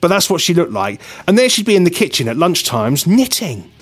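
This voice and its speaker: A man co-hosting a radio talk show, chatty and quick to laugh while telling stories. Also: high voice, breathy edge. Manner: chatty, laughs often, lively storyteller. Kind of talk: casual banter.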